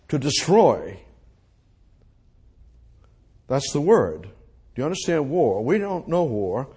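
An older man preaching a rambling, animated sermon full of rhetorical questions to a congregation. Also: mid-range voice, takes it slowly, pauses often, slightly rough.

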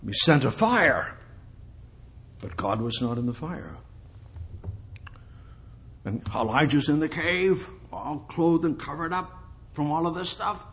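A man giving an informal sermon in a folksy, repetitive way, often dropping to a hush. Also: on the high side, takes it slowly, long pauses. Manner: repetitive, folksy, drops to hushed tones. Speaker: preacher.

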